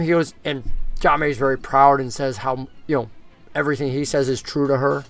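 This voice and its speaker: A man narrating a tabletop role-playing game as game master, talking in a lively way and jumping into character voices. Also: medium pitch, fairly quick, soft background music.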